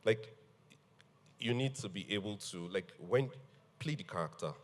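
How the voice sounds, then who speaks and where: A man telling an animated story on a panel, laughing and acting out what people said. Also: fairly low pitch, unhurried, big-room sound. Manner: animated, laughing storyteller who acts out quotes. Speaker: guest.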